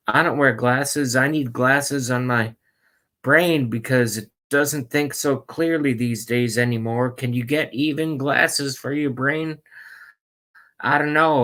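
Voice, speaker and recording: Brief: man doing a slow, wandering old male politician, free-associating, mid-pitched. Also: bright, forceful tone. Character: rambling, confused elderly male politician. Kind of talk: comic impression on a livestream.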